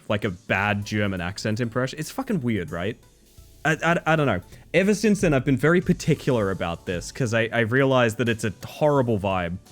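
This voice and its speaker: Guy streaming a game, chatty and candid, swears, lively up and down voice. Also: mid-range voice. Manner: candid, chatty, swears, restarts when thinking aloud. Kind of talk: casual live-stream chat.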